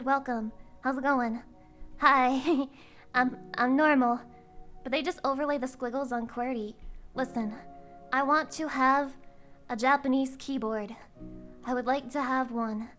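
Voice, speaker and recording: A woman VTuber streamer chatting casually with her viewers, excitable and profane, breaking into shrieking laughter. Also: sits high. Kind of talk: casual live-stream chat.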